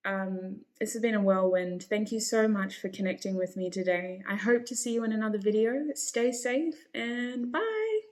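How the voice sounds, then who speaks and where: A woman talks straight to her viewers as she reads their tarot cards, reassuring and encouraging them. Her voice sits at a middle pitch for a woman, and she sometimes calls her listeners honey. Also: fairly even intonation, brisk, hardly any pauses, darkish tone. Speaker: tarot reader. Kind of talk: encouraging tarot reading to camera.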